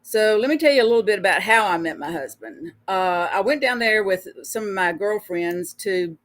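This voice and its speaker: A woman's voice: medium pitch, lively intonation, normal speed, fairly bright tone. A woman in her sixties from Georgia with a Southern accent, introducing herself in a chatty, folksy way on a video call. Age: 60s. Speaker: guest speaker. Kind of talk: self-introduction on a live webcast.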